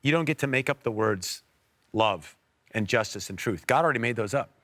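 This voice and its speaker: An American man telling a personal story on a faith talk show, earnest, with quiet and emotional stretches. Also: mid-range voice, expressive, a little fast, no echo. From United States. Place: TV studio.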